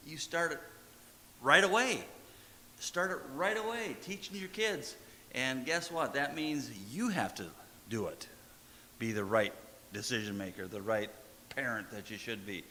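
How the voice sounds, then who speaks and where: Folksy preacher in a reverberant church. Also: male voice, mid-range voice, bright, forceful tone, a little hiss or hum. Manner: folksy, plain-spoken, repeats short commands. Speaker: pastor. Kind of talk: sermon. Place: church sanctuary.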